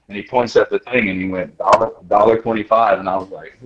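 With a mid-range voice at a moderate pace and the highs cut off, an American podcast guest casually recounts travel stories. He brings them to life by acting out quotes and laughing along.

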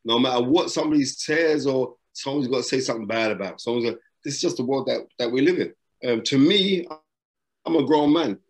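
A man's voice: mid-range voice, fairly quick. Emphatic man, preacherly advice. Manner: emphatic, repetitive and preacherly, with street slang. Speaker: boxing broadcaster and guest. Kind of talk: motivational advice in a casual interview. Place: hotel room during lockdown.

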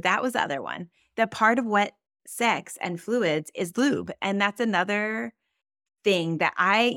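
A woman's voice: fairly low pitch, a bit bright, no room sound. A woman co-hosting a podcast, chatting candidly and animatedly with lots of fillers, close to the mic. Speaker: podcast co-host. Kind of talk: casual chat.

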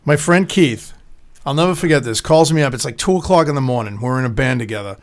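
A man's voice: medium pitch, very fast. Profane man telling a crude story. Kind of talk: casual chat.

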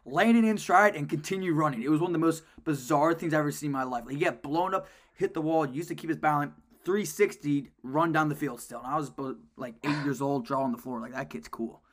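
A young man co-hosts a casual sports podcast, his voice sitting a little high for a man. He tells stories animatedly and climbs sharply in pitch when something excites him. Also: brisk, hardly any pauses. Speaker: podcast co-host.

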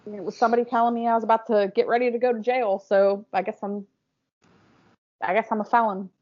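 Woman podcast co-host, casual and giggly, high-ish voice, lo-fi sound. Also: steady tone, quick pace. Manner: chatty, laughs often. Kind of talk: casual chat.

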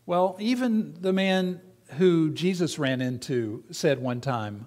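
A man's voice: on the high side, lively intonation, slow pace, hardly any pauses, a little mellow. A man preaching a sermon to his church, talking in a conversational way and asking the congregation questions. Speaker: pastor.

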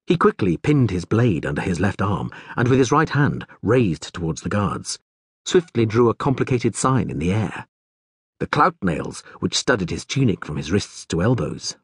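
A man reading a fantasy audiobook aloud with dramatic, expressive narration. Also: fairly low pitch, breathy edge, dry recording, studio quality.

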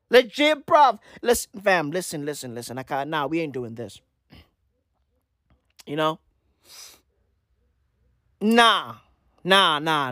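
A woman's voice: very deep voice, fairly bright tone, no echo, clean studio sound. A woman in a casual comedic rant, slangy and swearing, repeating herself, breaking into animal imitations. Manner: slangy, swearing, repetitive, playful, mimics animal sounds.

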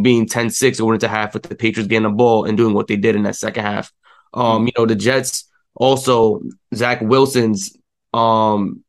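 A young man co-hosts a casual sports talk show. He rants with frustration, full of fillers and rising heat. His voice sits at an ordinary middle pitch. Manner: frustrated, animated rant with many fillers. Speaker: sports podcast co-host.

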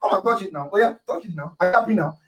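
A preacher voicing a gently rebuking Jesus. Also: male voice, high voice, fast talker, natural voice. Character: Jesus, calm male teacher gently rebuking. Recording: echoey room, distant mic.

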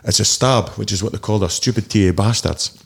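Gravelly Scottish man in his forties. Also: on the low side, brisk. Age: 40s. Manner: blunt, sweary, rambling anecdotes with frequent restarts. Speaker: DJ and army reservist, guest. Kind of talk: casual storytelling chat.

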